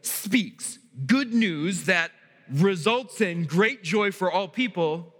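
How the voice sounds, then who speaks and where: A man preaching a sermon as pastor, emphatic, with dramatic pauses and repetition. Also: sits high, expressive, fairly bright tone, in a large hall.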